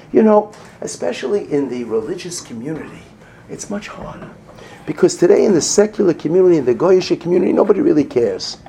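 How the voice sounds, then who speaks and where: A middle-aged man delivers a sermon-style lecture with a lively, swooping voice that drops to near whispers and rises to loud, emphatic lines. His tone has a gravelly edge and sits somewhat high for a man. A faint hiss runs beneath him. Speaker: rabbi.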